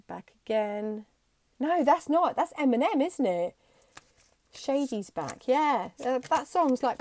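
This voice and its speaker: Bubbly young woman, tarot reader, casual talk to camera at a mid pitch, with bursts of playful voices. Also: noisy background.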